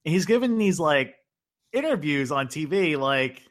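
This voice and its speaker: A man's voice: fairly high pitch, very animated, unhurried. A man co-hosting a casual political chat, talking loosely with lots of filler words. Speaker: podcast co-host.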